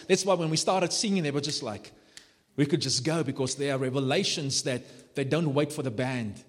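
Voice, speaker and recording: A man preaching a sermon as pastor, passionate and animated, building to emphatic peaks. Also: on the high side. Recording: long hall reverb.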